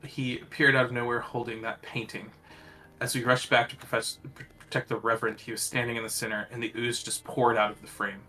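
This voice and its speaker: A man's voice: mid-range voice, level tone, sharp tone, natural voice. A man voicing a shaken young woman hunter who halts as her voice breaks, with faint music behind. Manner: halting, voice breaking.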